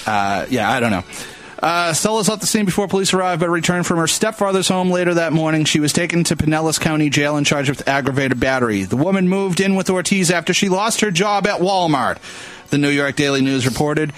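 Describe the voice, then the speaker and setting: A man's voice: on the high side, expressive, brisk, a bit bright, poor audio. Chatty male radio host reading the news. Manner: joking, laughs often, stumbles over words. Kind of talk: casual radio chat, reading news stories.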